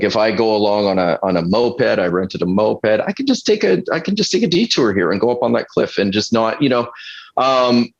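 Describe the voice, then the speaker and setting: A man who works as a fitness coach, chatting casually on a podcast, full of restarts and fillers and laughing now and then. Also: lowish voice. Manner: halting, many restarts and fillers; laughs now and then while telling stories. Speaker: fitness coach and retreat leader. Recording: dull lo-fi sound.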